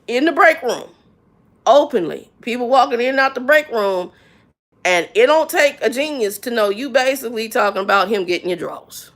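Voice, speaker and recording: A middle-aged woman chatting casually on a livestream, telling animated, slangy stories about work and repeating herself as she gets riled. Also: a little high, moderate pace. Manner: animated storytelling, voice jumps up when riled; slangy, frank, repeats words. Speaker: livestream host.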